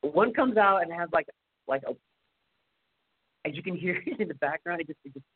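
A man's voice: a little high, expressive, moderate pace, slightly rough. A man co-hosting a horror movie podcast, recapping scenes in a chatty, joking way and acting out bits of dialogue. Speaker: podcast co-host. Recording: tinny phone-like sound.

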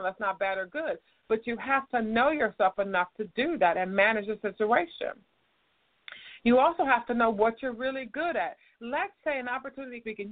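A woman co-hosting a casual self-help talk show, frankly giving practical workplace advice. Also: a little high. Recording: phone-like narrow audio.

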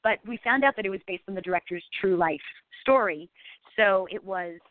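A woman's voice: medium pitch, a little fast, no echo. A woman, an actress and guest, chatting in a call-in interview, talking freely with many fillers and restarts. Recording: dry tinny phone line.

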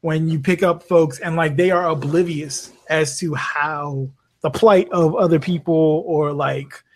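A man's voice: fairly high pitch, measured pace. A man raised in Bermuda, a podcast guest and rideshare driver, telling stories in casual chat, swearing freely and acting out the people he quotes. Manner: animated storyteller, swears freely, acts out quoted voices.

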